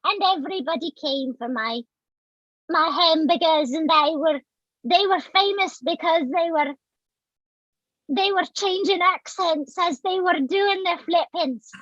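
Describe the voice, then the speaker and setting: A woman plays a loud, foul-mouthed homeless chef with a put-on British accent, ranting in a high, slow voice. The sound is dull and dry. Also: no room sound. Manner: brash, swearing, ranting.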